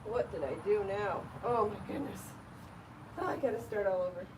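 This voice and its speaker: A woman hosting a live crafting show, chatty and enthusiastic, out of breath from rushing around and trying on garments. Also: mid-range voice, background noise. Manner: chatty and enthusiastic, laughs at herself. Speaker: podcast host showing her yarn designs. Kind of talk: casual live show chat.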